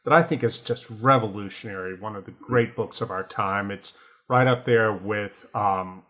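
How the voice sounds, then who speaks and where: A man's voice: fairly low pitch, normal speed, a bit bright. A man telling stories in a casual podcast chat from a hotel room, often trailing off and restarting his sentences. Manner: chatty storyteller, trailing off and restarting. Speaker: guest writer.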